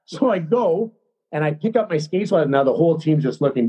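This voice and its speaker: A middle-aged man, a former hockey player, telling a story as a podcast guest in a blunt, excitable, profane way. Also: medium pitch, normal speed, breathy edge, dull audio. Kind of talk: casual storytelling.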